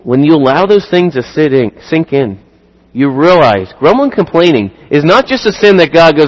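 Male preacher, animated sermon delivery, slightly raised pitch, long hall reverb. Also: moderate pace. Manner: animated, acts out dialogue in sudden louder bursts.

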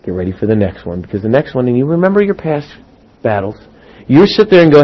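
Man, middle-aged pastor, sermon, animated, acts out voices, loud then quiet. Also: mid-range voice, fast, breathy edge, dull audio. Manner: animated, acts out quoted voices, wide swings from loud to hushed.

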